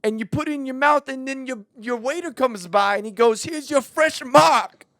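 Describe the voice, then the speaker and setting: Young podcast guy, high voice, bouncy, dry close mic. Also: fairly quick, no echo. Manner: excitable, laughs often, playful interjections. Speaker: podcast co-host. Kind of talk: casual chat.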